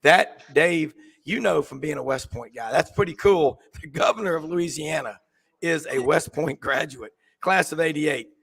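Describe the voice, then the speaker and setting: A man hosting a sports talk show, excitable and rambling, and losing his voice. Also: a little high, moderate pace, gravelly, husky. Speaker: sports radio host. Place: coffee shop.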